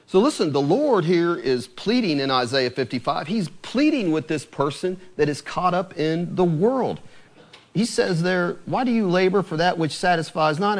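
A man preaching a sermon, quoting scripture with lively, rising emphasis. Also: a little high.

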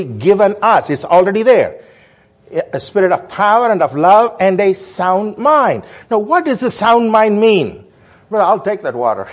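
High, lively man preaching a sermon. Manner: emphatic call-and-response preaching. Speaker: guest preacher.

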